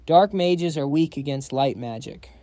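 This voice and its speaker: A man doing a sharp-tongued young princess. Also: a little high, no echo, close to an everyday voice. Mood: commanding. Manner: brisk, giving orders.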